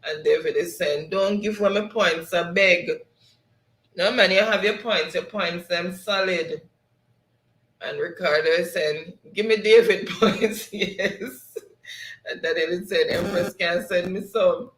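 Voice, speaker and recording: Jamaican man, host, fairly high voice, reads chat comments, laughs a lot, echoey room. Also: measured pace, a bit bright. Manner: laughs often, reads comments aloud in patois. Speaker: show host. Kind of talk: casual live-stream chat, reading viewer comments.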